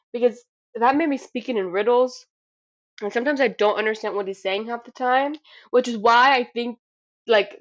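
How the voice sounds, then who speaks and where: A woman co-hosts a casual chat podcast, talking fast and loose with plenty of swearing and acted-out reactions. Her voice sits a little high. The recording sounds dull and lo-fi. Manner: animated, swearing, acting out reactions. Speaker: podcast co-host.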